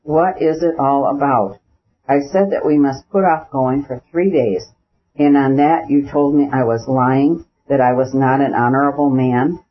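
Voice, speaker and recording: A man reading an audiobook, voicing a proud young nobleman who talks deliberately while holding back his anger, on a dull lo-fi recording. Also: mid-range voice, steady tone, natural voice. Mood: restrained anger.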